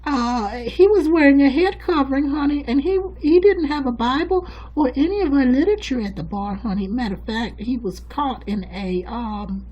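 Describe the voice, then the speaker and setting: A man's voice: extremely high pitch, normal speed, hardly any pauses, a little mellow, dull audio, pitched above the performer's own voice. A man voicing a sassy, bossy churchgoing sister who calls everyone honey, in a comedic character monologue. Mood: hushed. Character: sassy gossiping churchgoing sister, middle-aged woman.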